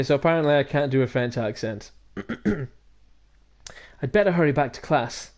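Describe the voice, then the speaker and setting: A man streaming a visual novel, reading it aloud with animated, laughing asides. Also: mid-range voice, normal speed, long pauses.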